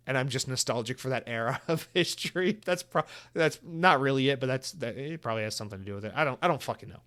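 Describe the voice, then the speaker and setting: A man's voice: mid-range voice, fairly bright tone. A young man from the United States hosting a solo podcast, rambling in casual chat and swearing often. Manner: rambling, swears a lot, many restarts. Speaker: podcast host.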